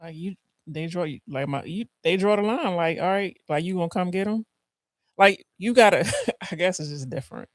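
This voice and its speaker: A man co-hosting a podcast, chatting casually in a relaxed, halting way as he thinks aloud. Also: sits high, no echo, studio quality.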